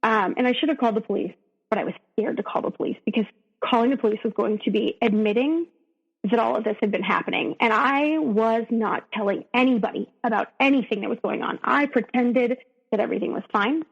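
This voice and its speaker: A woman guest on a podcast recounting a painful personal story, rushing through it emotionally with frequent restarts. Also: fairly high pitch, vocal fry, slightly rough. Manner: emotional, rushed retelling with restarts. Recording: lo-fi audio with long reverb.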